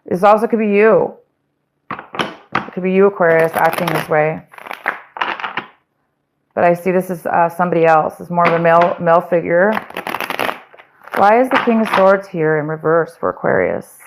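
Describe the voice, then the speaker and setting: A woman in a casual tarot reading, her voice sitting a little low and going hoarse. She rambles, circles back on her words and fills pauses with ums. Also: steady tone, noisy background. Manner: rambling, many fillers and restarts. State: losing her voice. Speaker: tarot reader.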